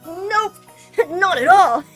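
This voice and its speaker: A woman's voice: extremely high pitch, lively intonation, slow, fairly bright tone, faint music behind, pitched above the performer's own voice, heavily acted. A woman voicing a cheerful teenage boy who gets flustered, reading aloud from a visual novel. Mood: breezy.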